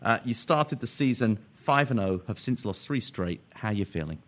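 Wry podcast host, low voice. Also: male voice, expressive, moderate pace, a bit bright. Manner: dry, wry delivery, laughs often. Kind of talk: casual banter and reading listener mail.

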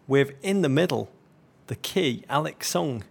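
A man's voice: mid-range voice, lively intonation, unhurried, creaky, husky. A man from North West England co-hosting a football podcast, talking in a florid, joking way full of vivid comparisons. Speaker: podcast co-host. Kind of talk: comic football chat.

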